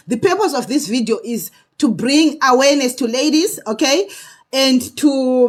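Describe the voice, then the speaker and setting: A woman with a high-pitched voice speaks earnestly to camera. She shares her own story as a vlogger and keeps checking in with her viewers. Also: expressive, moderate pace. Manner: earnest, often adds "okay?" to check in with viewers. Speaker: vlogger sharing personal experience. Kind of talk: personal testimony to camera.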